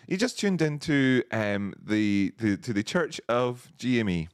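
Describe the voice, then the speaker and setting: A man's voice: medium pitch, lively intonation, measured pace, clear, resonant tone, no room sound, studio quality. A man hosting a live stream, chatting casually, laughing often and reading out viewers' messages. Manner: chatty, laughs often, reads chat aloud.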